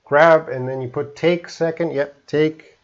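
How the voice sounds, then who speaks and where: A Canadian man teaching English in a live stream, relaxed, explaining slowly with simple examples. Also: a little high, highs cut off.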